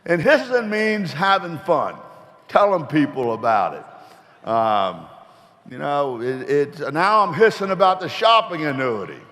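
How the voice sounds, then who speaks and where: A man's voice: on the high side, big pitch swings, a little slow, fairly bright tone, big-room sound. A middle-aged man gives a rambling, folksy motivational talk to his business's distributors, earnest about belief. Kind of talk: motivational speech with folksy joke.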